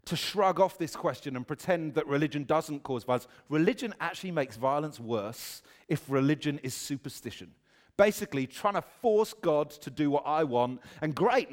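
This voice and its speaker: A pastor preaching a conversational sermon, with humorous, self-deprecating asides. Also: male voice, a little high, animated, normal speed.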